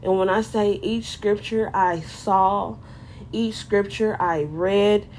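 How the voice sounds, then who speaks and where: A woman's voice: medium pitch, fairly even intonation, slow pace, a little mellow, slight background noise. A woman vlogger giving an emotional personal testimony in candid, casual slang.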